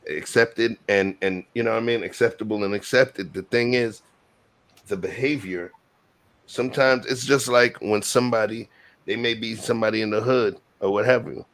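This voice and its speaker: Low, gravelly male host who makes his points emphatically in casual panel talk; dry, close sound. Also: steady tone, normal speed, fairly bright tone, dry recording. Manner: emphatic, explanatory, repeats words to make a point.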